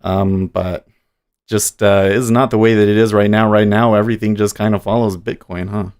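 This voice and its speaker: A man's voice: fairly low pitch, fairly even intonation, a little mellow, clean tone. Rambling man chatting on a livestream. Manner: rambling, halting, with many restarts. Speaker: livestream day trader. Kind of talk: casual livestream chat.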